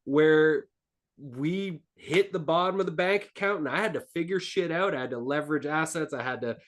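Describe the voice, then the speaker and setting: A man's voice: on the high side, moderate pace, fairly bright tone. A man speaking as an entrepreneur guest on a podcast, earnest and rambling, with lots of filler words. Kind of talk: casual interview talk.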